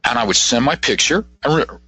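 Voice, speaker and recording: A husky-voiced man in his fifties tells stories as a guest on a radio talk show. His tone is bright and his pitch moves a lot. He rambles from one anecdote to the next and acts out the other people's lines. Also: fairly quick, low-quality recording. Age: 50s. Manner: animated, rambling anecdotes with acted-out quotes. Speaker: guest psychic. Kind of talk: casual radio interview storytelling.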